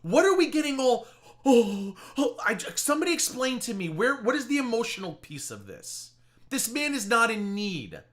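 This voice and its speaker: A mocking reaction streamer gives live commentary in a bright, ringing voice that jumps all over its range. The delivery is sarcastic and profane, with mock-tearful impressions thrown in. It sounds like a casual home streaming setup. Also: medium pitch, sing-song, a little fast.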